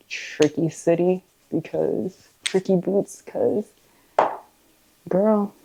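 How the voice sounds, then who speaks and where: A woman's voice: lowish voice, creaky, dark tone, a little hiss or hum. A woman in her late twenties, born in Zimbabwe and raised in the US, chatting casually through her skincare routine with playful, joking asides. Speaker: beauty vlogger. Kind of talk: casual get-ready-with-me chat.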